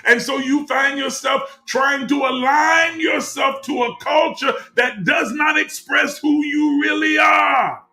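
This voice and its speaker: Male preacher, high and gravelly, unhurried, builds to shouts with repeated phrases, soft music behind. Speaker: teacher of a spiritual group. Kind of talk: fervent spiritual teaching.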